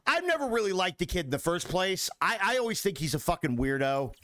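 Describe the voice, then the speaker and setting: A man's voice: high-pitched, sing-song, fairly quick, fairly bright tone. A young man streaming a video game, swearing freely and talking back to his chat with exasperation. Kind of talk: casual gameplay commentary.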